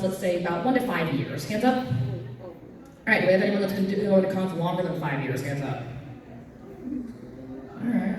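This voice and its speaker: A woman's voice: medium pitch, recorded from a distance. A woman hosting a live comedy panel, telling stories and acting out her own reactions in silly voices. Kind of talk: live stand-up storytelling at a convention panel. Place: convention panel room with audience. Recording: echoey room recorded from afar, audience noise. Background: audience chatter and laughter.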